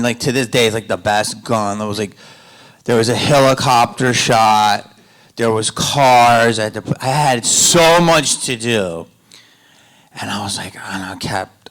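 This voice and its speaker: A comedian talks on a convention stage, his voice bright and ringing as he tells a rambling story. He drifts from loud joking asides down to low, confiding storytelling, and his speech stays loose and casual. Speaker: panel guest, actor and comedian. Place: convention panel room.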